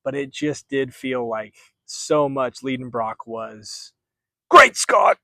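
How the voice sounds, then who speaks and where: Male vlogger, mid-pitch, loose and chatty book-review delivery, dry close sound. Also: fairly even intonation, takes it slowly, no room sound. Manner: chatty, rambling, self-correcting.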